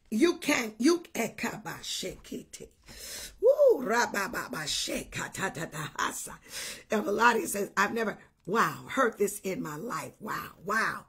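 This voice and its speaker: A woman bishop preaching a sermon, animated, shouting at times and breaking into tongues. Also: on the high side, husky.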